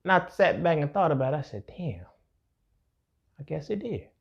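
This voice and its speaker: With a fairly high voice that swings widely in pitch, this podcast host talks at a moderate pace, sounding creaky and slightly rough on dull audio. He reflects casually in a personal monologue, swearing a lot, using street slang and repeating "you feel me."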